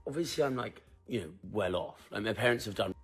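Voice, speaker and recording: Guy as a husky lad, rambling, keeps repeating himself. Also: lowish voice, a little fast, faint music behind. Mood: defensive. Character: defensive posh young English man.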